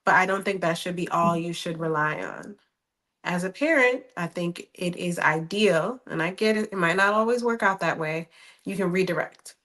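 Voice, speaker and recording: A woman with a lower voice speaks on a casual panel chat. She reasons her points out in a measured way and asks pointed questions. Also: a bit bright. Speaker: panel guest.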